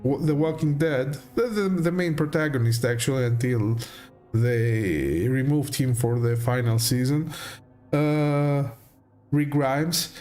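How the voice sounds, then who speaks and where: A man with a mid-range, slightly mellow voice speaks slowly while streaming a video game, commenting casually and hesitantly with many fillers, restarts and laughs. Faint game music plays in the background.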